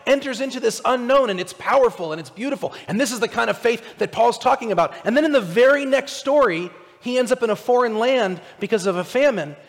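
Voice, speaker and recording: A male pastor giving a conversational, animated sermon, asking his listeners direct questions. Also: very high voice, gravelly, long reverb tail.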